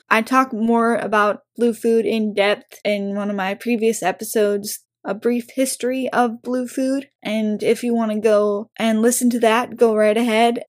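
A woman hosting a book podcast, summarizing a chapter in a lively retelling and discussing it. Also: mid-range voice. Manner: lively retelling, acting out quotes with bursts of energy.

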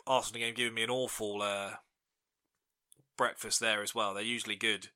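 A young man tells funny stories on a casual podcast. His voice is very bright, recorded dry and close. He laughs a lot and livens up when quoting people. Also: fairly low pitch, a little fast, no echo. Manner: laughing storyteller, animated in quoted bits. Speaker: podcast co-host. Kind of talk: casual chat.

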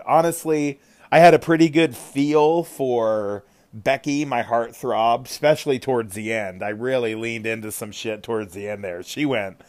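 A man hosting a casual podcast chat, talking in an animated way with frequent fillers and exclamations. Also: mid-range voice.

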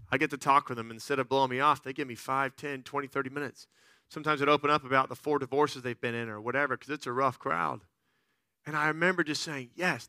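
Guy preaching a sermon, high bright voice, super dry close sound, gets loud then goes quiet. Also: no room sound. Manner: animated, jumps between loud excited bursts and quiet earnest stretches; acts out quoted people in playful voices. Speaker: pastor.

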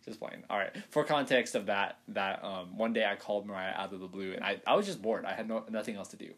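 A man's voice: lowish voice, fast talker, a bit bright. A young man hosting a casual podcast with his sisters. He talks in a rambling, playful way, with many fillers and laughs. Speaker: podcast host. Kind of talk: casual chat.

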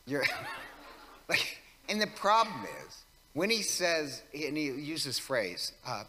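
A man's voice: fairly high pitch, big pitch swings, takes it slowly, sharp tone, a little hiss or hum. A priest giving a conversational weekday homily, wry and self-mocking in his asides. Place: church. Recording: long church reverb.

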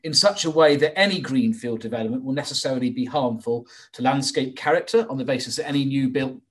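A man hosting a planning discussion, giving measured, opinionated commentary with frequent hesitant fillers. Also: mid-range voice, fairly bright tone. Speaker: host. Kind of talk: expert commentary.

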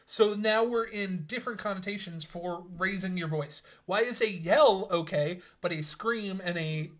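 A man's voice: high voice, moderate pace, a bit bright. A man co-hosting a casual podcast, raising a topic and pushing the others with follow-up questions. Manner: questioning, pressing with follow-ups. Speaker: podcast co-host. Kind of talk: casual chat.

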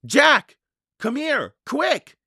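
A storyteller voicing an excitable, fearless young girl in a children's audiobook, with an eager, chirpy manner. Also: mid-range voice, slow, no room sound, studio quality, pitched above the performer's own voice, exaggerated voice.

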